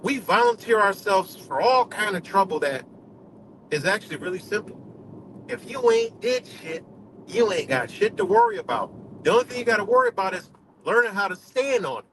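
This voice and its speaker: A man's voice: high voice, huge pitch swings, normal speed, background noise. A man hosting a live stream, ranting bluntly with heavy cursing and lots of "you know" fillers, from New York State. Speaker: livestream host. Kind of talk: profane casual rant.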